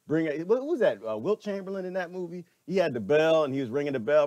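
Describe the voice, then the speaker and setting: Animated, laughing male vlogger ranting. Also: on the high side, a little fast, few pauses, slightly rough, dry recording. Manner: animated, laughs often, preachy, repeats himself. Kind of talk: ranting commentary monologue.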